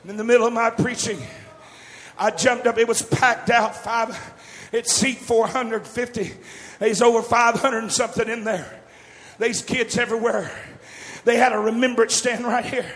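A man preaching a revival sermon, shouting and drawing out his words with fervor. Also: extremely high pitch, fairly even intonation, long reverb tail. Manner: shouting, drawn-out fervent preaching.

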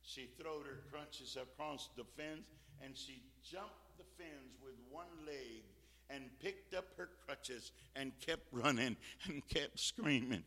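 A man preaching a fervent sermon as a visiting preacher, swinging from shouts to quiet talk. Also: medium pitch, slow, in a large hall.

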